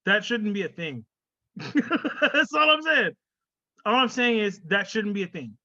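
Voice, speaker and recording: A man's voice: sits high, lively intonation, measured pace, bright, forceful tone, no room sound. A man hosting a podcast in a rambling, profane solo rant full of fillers and restarts, on a dull lo-fi recording. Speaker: podcast host.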